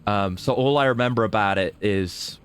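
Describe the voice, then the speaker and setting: A man talking loosely over his own gameplay, drifting from topic to topic in an unhurried, conversational way. He chuckles at his own dark jokes, and there's a faint room hum behind him. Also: fairly low pitch. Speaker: streamer. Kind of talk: casual gameplay commentary.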